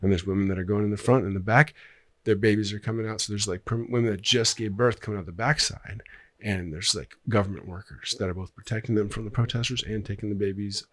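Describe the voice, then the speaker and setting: A man's voice: on the low side, steady tone, quick pace, a bit bright, no room sound. A man on a podcast, a screenwriter guest, casually retelling a story in a rambling way and swearing loosely. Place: podcast studio.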